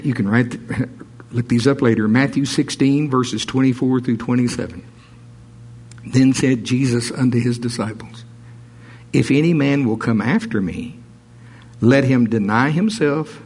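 A man preaching a sermon, reading scripture aloud with jokes and asides in an animated way. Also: mid-range voice, husky.

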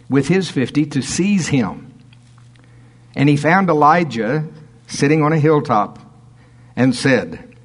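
A man preaching a sermon, reading scripture aloud and breaking off into chuckling asides. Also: fairly high pitch.

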